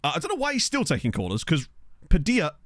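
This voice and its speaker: Talking through food now and then, this young man keeps up jokey, laugh-filled banter on his casual game stream. He speaks quickly in a fairly high, slightly bright voice whose pitch swoops wildly. It's captured on a desk microphone with no room sound.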